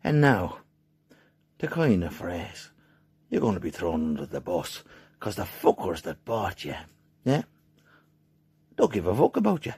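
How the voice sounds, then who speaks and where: Irish man, raspy and gravel-edged, slow furious camera rant with lots of swearing and wild swings in pitch. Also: very animated. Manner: swearing, swinging between low hushed menace and shouting. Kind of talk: angry direct-to-camera rant.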